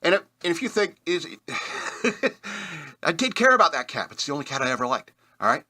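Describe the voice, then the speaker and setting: A man's voice: a little high, very animated, moderate pace, sharp tone. A man hosting a radio show, telling rambling personal stories in a casual, self-deprecating way with chuckles. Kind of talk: casual storytelling.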